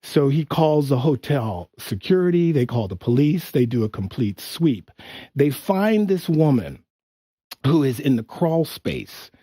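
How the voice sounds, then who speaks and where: A man telling an anecdote on a talk show, animated and slipping into gruff, low voices for quotes. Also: unhurried, dry recording, clean studio sound. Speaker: guest storyteller.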